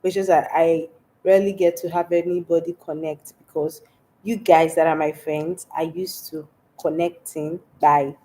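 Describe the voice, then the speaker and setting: A woman's voice: low-pitched, fairly even intonation, moderate pace, dark tone. A young Nigerian woman with a stuffy, congested voice from a cold, chatting casually on a livestream and laughing often. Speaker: livestream host. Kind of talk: casual livestream chat reading comments.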